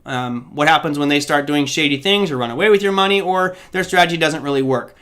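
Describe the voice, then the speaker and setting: A man's voice: on the high side, fairly quick, fairly bright tone. A man hosting a live trading show, answering viewer questions in a chatty, rambling way with asides to the chat. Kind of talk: live-stream Q&A.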